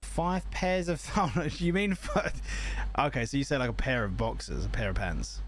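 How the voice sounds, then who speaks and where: A man's voice: medium pitch, animated, moderate pace, a little hiss or hum. A young man rambling and joking as he hosts a reaction video. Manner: joking, rambling, laughs often. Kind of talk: casual reaction commentary.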